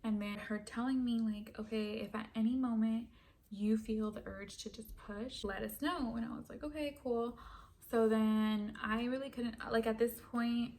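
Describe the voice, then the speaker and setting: Animated woman telling her story. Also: a little high, moderate pace. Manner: animated, drops to whispers when quoting herself. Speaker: vlogger. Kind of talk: casual storytelling.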